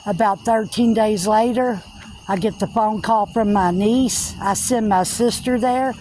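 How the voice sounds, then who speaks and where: A woman's voice: medium pitch, measured pace, warm tone, slight background noise, rough recording. A woman tells a personal spiritual testimony in a plain, earnest voice. She works through it step by step, coming back again and again to what she said and what others said. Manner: earnest, repetitive retelling with many "I said" tags. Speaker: faith testimony vlogger.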